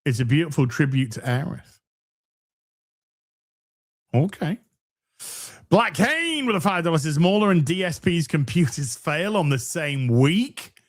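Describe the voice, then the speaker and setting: A man's voice: a little high, very animated, measured pace, pauses often. An English man co-hosting a podcast, reading out donations in a casual, sweary and jokey way. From England.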